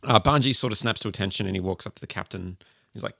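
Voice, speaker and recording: A man's voice: lowish voice, fast, creaky, sharp tone, no echo, studio quality. A man playing a character in a tabletop role-playing game, speaking in an eager, formal way. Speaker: player.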